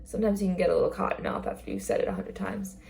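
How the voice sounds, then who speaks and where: A woman's voice: lowish voice, very animated, very fast, vocal fry, warm tone. A young woman chatting casually in a vlog about her work as a theme park greeter, earnest and full of fillers. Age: young adult.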